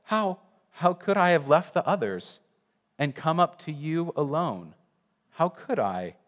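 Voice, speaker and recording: A man's voice: fairly high pitch, sing-song, a little slow, in a large hall, dull audio, voice pushed up. A man voicing a timid young girl who pleads anxiously with a lion, during a sermon reading. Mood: pleading.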